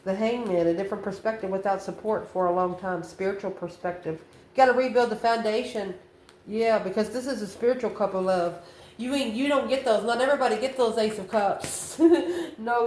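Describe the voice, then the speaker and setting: A woman's voice: mid-range voice, darkish tone. Chatty woman reading tarot cards. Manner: chatty, calls listener honey, laughs between cards. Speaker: tarot reader. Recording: roomy echo, faint ambient noise.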